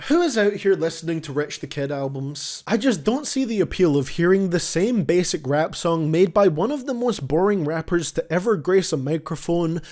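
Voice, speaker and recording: A man's voice: fairly high pitch, animated, normal speed, few pauses, a little mellow, soft background music. Sarcastic young man reviewing albums. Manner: blunt, sarcastic. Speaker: music reviewer. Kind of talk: scripted review commentary.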